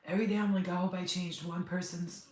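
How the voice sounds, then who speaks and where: A woman's voice: on the low side, flat delivery, fast, darkish tone. A middle-aged woman, a spiritual healer, talking to viewers on a live stream while crying, rambling and emotional. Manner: tearful, rambling, talks straight to viewers. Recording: echoey room, faint background noise.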